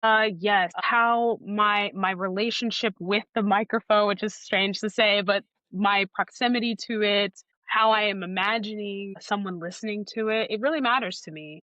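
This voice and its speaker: A woman audiobook narrator talking thoughtfully in an interview, pausing and restarting as she gathers her words. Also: mid-range voice, steady tone, bright, forceful tone, no room sound, lo-fi sound. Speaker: audiobook narrator and podcast guest. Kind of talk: conversational interview.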